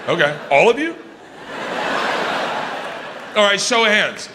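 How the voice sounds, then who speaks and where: Man, 50s, stand-up comedian, slightly high voice, loud shouted bursts, live show, audible crowd noise. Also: sing-song, takes it slowly. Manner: loud, swinging between low asides and shouted high bursts. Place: large arena on stage. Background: audience laughter.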